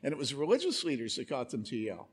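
A man's voice: mid-range voice, huge pitch swings, fast, breathy edge. A man preaching a sermon, telling a story with lots of energy and asking the congregation questions. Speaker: pastor.

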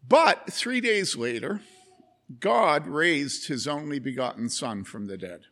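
A man's voice: a little high, lively intonation, slow pace, pushed and bright. A man preaching a sermon, telling a story with lots of energy and asking the congregation questions. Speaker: pastor.

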